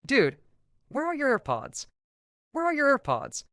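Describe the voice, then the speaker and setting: A man voicing a hot-tempered sixth-grade boy classmate who is quick to anger and accuses others. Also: fairly high pitch, expressive, fairly bright tone, dry recording, studio quality. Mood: accusing.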